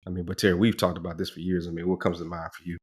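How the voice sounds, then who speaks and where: Podcast co-host, male, low bass voice, measured and reflective delivery. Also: flat delivery, breathy edge. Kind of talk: casual podcast discussion.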